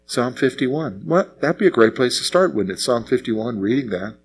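A man's voice: medium pitch, animated, normal speed, hardly any pauses, a little hiss or hum. A man preaching a sermon, earnest and repetitive, acting out sample prayers to his congregation. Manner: earnest, repeats phrases, acts out prayers. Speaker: pastor.

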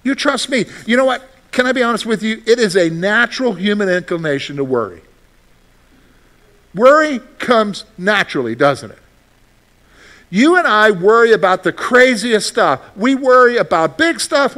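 A middle-aged man, a pastor, reading scripture slowly and then preaching with lively rhetorical questions. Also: high-pitched. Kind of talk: sermon.

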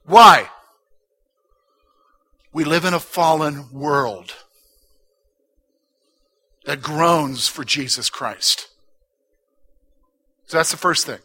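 High, bright-voiced preacher man. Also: drawn-out words, pauses often, slightly rough. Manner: swings between loud urging and hushed, intimate talk; repeats short exhortations. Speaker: pastor. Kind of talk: sermon.

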